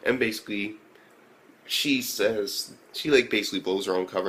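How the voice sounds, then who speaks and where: A man giving a casual anime episode review, swearing constantly and rambling through fillers, sometimes jumping into excited reactions. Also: a little fast, slight background noise. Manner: profane, loose storytelling full of fillers; jumps to excited high-pitched reactions.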